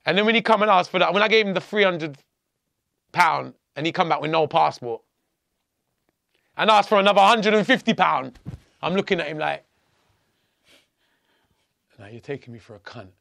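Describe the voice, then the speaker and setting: A man, a podcast guest, telling his story in casual, profane, animated talk and acting out what others said. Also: high voice, brisk, gravelly, long pauses, dry recording, clean studio sound. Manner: profane, animated, acts out quoted dialogue.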